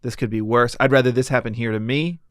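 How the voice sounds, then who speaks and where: A man's voice: mid-range voice, fairly even intonation, quick pace, a bit bright, dry recording, studio quality. A man, a father and podcast co-host, chatting candidly about parenting and telling stories. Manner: candid, storytelling with quoted voices. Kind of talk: casual chat.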